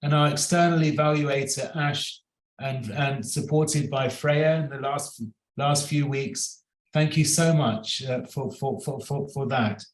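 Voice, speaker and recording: A man leading a project, giving a formal thank-you speech at an event, halting often and repeating his words. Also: mid-range voice, fairly even intonation. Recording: roomy echo.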